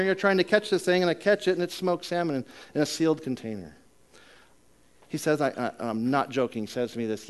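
Delivering his sermon a little fast and smoothly, a man tells a personal tale with conversational asides and self-mocking jokes. Exciting parts push him loud and high, while reflective ones bring him down low and soft.

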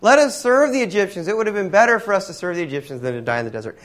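A man's voice: expressive, very fast, a bit bright. A man putting on whiny complaining Israelites. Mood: whining. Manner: high, strained, complaining. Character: whining frightened Israelites complaining to their leader.

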